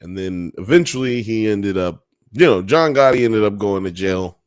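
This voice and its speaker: A man's voice: lowish voice, animated, normal speed, no echo. A young man from Alabama, hosting a casual livestream and rambling through a story with plenty of swearing and sound effects. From Alabama, US South. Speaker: livestream podcast host.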